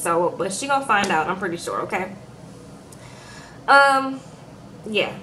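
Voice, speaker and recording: A woman's voice: fairly high pitch, animated, measured pace, long pauses, fairly bright tone, slight background noise, low-quality recording. A woman giving a casual, chatty recap of a reality show, talking straight to her viewers with lots of fillers. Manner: chatty, addresses viewers directly with frequent fillers.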